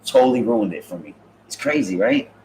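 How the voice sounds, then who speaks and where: A man's voice: lowish voice, animated, brisk, a little mellow, echoey room, a little hiss or hum, low-quality recording. A man telling funny stories in a casual talk show, joking and acting out the voices of people he quotes. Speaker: podcast host. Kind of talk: casual comedic storytelling.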